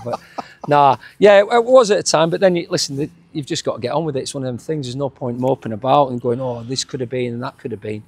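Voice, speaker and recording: Husky Yorkshire man reminiscing. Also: medium pitch, fast talker, darkish tone. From England. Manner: rambling, many restarts and chuckles. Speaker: former footballer guest. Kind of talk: casual reminiscing interview.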